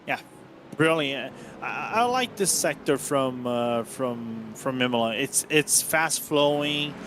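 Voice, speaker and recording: A man chats through a race as co-commentator in a mid-range voice. He talks in a halting, hesitant way and often stops to search for his words. Clear background noise runs under his mic. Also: medium pitch, animated. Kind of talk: casual color commentary.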